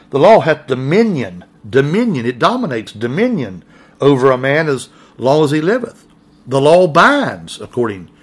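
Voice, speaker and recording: A man preaching a sermon, reading scripture in a measured voice and stressing key phrases slowly. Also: fairly high pitch, husky. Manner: slow, emphatic, repeating key phrases.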